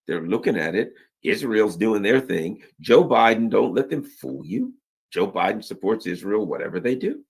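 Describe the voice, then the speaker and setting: A man's voice: medium pitch, creaky, fairly bright tone, slightly rough. A man hosting a sarcastic political news commentary, mocking and ironic as he talks. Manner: mocking, heavy sarcasm with mock voices.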